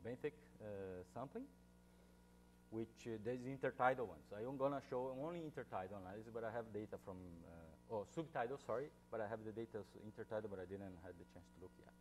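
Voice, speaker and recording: A man's voice: fairly low pitch, a little mellow, slight background noise. A man with a Brazilian Portuguese accent giving an academic seminar talk, speaking informally with jokes, many fillers and restarts.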